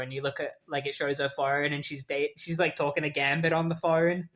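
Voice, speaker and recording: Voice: medium pitch, brisk, few pauses, fairly bright tone. A comic book reviewer giving a casual, chatty recap full of fillers and wry asides.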